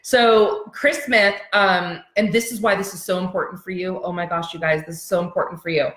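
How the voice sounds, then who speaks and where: Brief: woman business coach, seated, storytelling, animated and chatty, roomy echo. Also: fairly low pitch, a little fast. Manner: animated, chatty, many fillers and acted-out quotes. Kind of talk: workshop teaching with storytelling. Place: seated in a roomy space, sitting cross-legged. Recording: echoey room.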